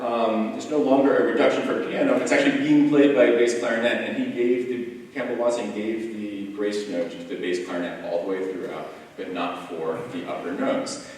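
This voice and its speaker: Man speaking from far off in an echoey hall. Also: mid-range voice. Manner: thoughtful, many ums and restarts. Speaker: music editor on a panel. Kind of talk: lecture-style panel talk.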